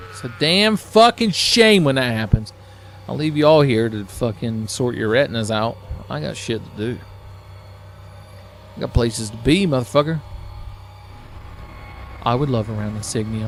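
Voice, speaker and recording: A man's voice: medium pitch, unhurried, long pauses, a little hiss or hum. Male let's play host, sarcastic and foul-mouthed, rambling casual game commentary.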